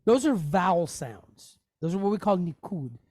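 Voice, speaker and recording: A man teaching a Hebrew lesson in a relaxed, conversational way, often checking in with his listeners. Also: high voice, moderate pace, no room sound. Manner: conversational, checks in often with "okay?" and "you know". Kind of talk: casual teaching, explaining on screen.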